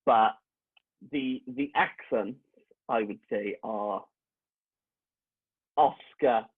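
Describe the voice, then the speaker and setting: A man's voice: medium pitch, drawn-out words, husky, dry recording. A man hosting a casual chat over a video call, teasing and a little hesitant. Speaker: host. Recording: tinny, dry phone-like line.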